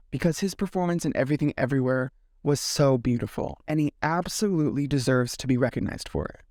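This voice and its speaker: A man hosting a casual movie commentary vlog, sassy and animated, swearing freely and slipping into mock voices. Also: a little high, dry recording, studio quality. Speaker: film commentary host.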